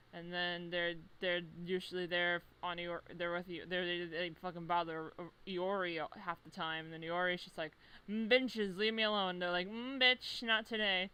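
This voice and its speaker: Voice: medium pitch, sharp tone, clear, resonant tone, low-quality recording. A young adult creator giving a rambling, profanity-heavy comic recap of a game series from memory, often losing the thread. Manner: profane, rambling, self-interrupting. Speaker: video creator.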